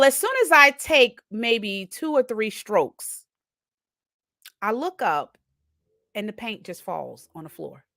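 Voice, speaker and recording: Animated woman telling a personal story. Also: medium pitch, dry recording, studio quality. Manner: animated, acts out her own inner thoughts; frequently adds "right?" tags. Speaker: host.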